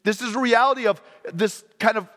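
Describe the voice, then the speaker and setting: A man's voice: high voice, a little fast, bright, forceful tone, long reverb tail. A man preaching a sermon in an earnest, reflective way, sometimes correcting himself mid-sentence.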